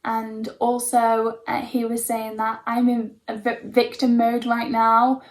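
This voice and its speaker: Speaking to camera, a young woman tells her own story loosely, plugging gaps with "like" and "um." Her slightly high voice stays nearly level in pitch, with gravelly vocal fry underneath. The delivery is flat and a little slow, with few pauses.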